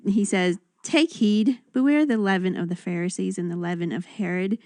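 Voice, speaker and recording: A woman's voice: medium pitch, moderate pace, dark tone, dry recording, studio quality. Woman reading and discussing scripture. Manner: reads verses then comments conversationally.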